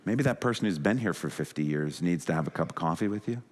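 A male pastor preaching a sermon with animated delivery, acting out quoted thoughts in a rising and falling voice. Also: sits low, fast, big-room sound. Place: church sanctuary.

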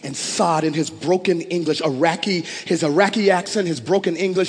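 A man preaching a sermon as a pastor, impassioned and building to loud declarations. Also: on the high side, animated, moderate pace, breathy edge. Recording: long hall reverb.

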